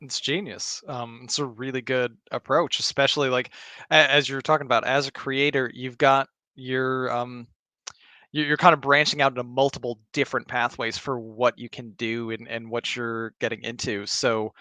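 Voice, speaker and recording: A man's voice: medium pitch, flat delivery, normal speed, bright, forceful tone, dry recording. A man co-hosting a card game podcast in casual chat, encouraging and enthusiastic. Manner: encouraging and enthusiastic, with many fillers. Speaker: podcast co-host.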